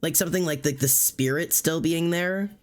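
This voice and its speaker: A man's voice: on the high side, normal speed. A man streaming live, chatting casually while he sketches tattoo ideas, rambling with many fillers and the odd curse. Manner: rambling, full of fillers and swearing. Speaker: livestreamer.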